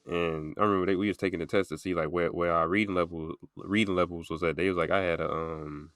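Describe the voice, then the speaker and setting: A man's voice: sits low, steady tone, quick pace, fairly bright tone, clean tone, no echo. A young man hosting a podcast, chatting casually and rambling with lots of "like" fillers. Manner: rambling, filler-heavy storytelling with many "like"s. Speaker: podcast host.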